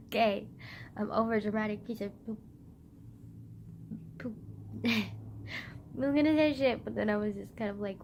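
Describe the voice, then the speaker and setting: A squeaky-voiced woman with a sick, slightly husky edge, talking to her phone's front camera. She rambles loud and giggly in a mid-range voice, swears freely, and mocks herself. Faint hiss sits under her voice. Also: normal speed, pauses often. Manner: loud, giggly, swears a lot, self-mocking. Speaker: vlogger. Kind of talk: rambling casual chat to camera.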